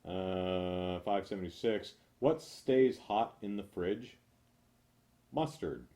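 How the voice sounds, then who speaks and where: A man reading numbered jokes aloud one after another, hitting each punchline with animated emphasis. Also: low-pitched. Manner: animated, punchy joke delivery with drawn-out punchlines.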